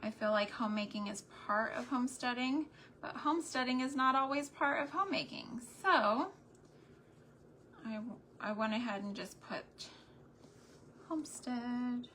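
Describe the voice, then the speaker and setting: A woman with a Texan accent, raised in New Mexico, chats in a folksy, drawn-out way while working on a craft project. Her voice sits a little high, with a bright, forceful edge. A faint hum of room ambience sits behind her. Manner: chatty, folksy, slow and drawn out. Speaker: homesteading channel host. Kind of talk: casual chat while painting.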